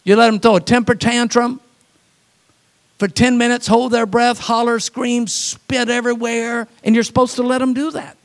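A man preaching a sermon, telling folksy, humorous stories and laughing at them, swinging from animated to quiet and soft for emphasis. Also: extremely high pitch, normal speed. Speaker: pastor.

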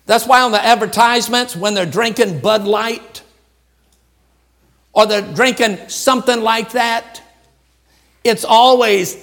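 A man preaching a sermon, moving from shouted appeals to quiet, hushed asides. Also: very high-pitched, steady tone, slow, pauses often. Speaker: pastor.

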